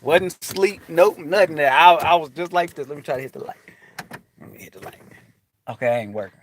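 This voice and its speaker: A man's voice: fairly high pitch, fairly quick, a little hiss or hum. A man speaking casually to viewers in a rambling, profane monologue, full of restarts. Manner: rambling, profane, animated storytelling with frequent restarts. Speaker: spiritual vlogger.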